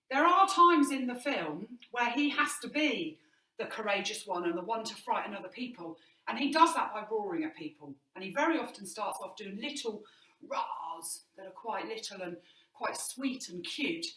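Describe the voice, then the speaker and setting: A woman's voice: mid-range voice, sharp tone. A woman drama teacher giving an online movement lesson indoors, encouraging and demonstrating as she explains. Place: indoor room. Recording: roomy, mic at a distance.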